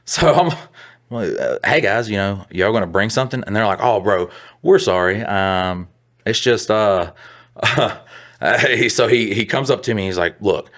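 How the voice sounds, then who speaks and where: A young adult man co-hosting a podcast, rambling through a profane work story in casual chat. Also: low voice. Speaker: podcast co-host.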